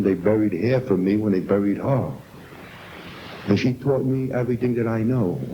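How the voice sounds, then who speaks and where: A middle-aged man from New York giving an earnest, emotional personal testimony at a recovery meeting, on an old 1970s tape. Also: fairly low pitch. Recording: dull lo-fi 1970s tape with faint hiss.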